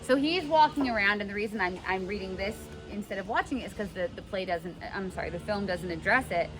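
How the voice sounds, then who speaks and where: A woman's voice: mid-range voice, animated, quick pace, music in the background. A young woman teaching a class, explaining a play casually and paraphrasing its lines in modern slang, recorded in a classroom.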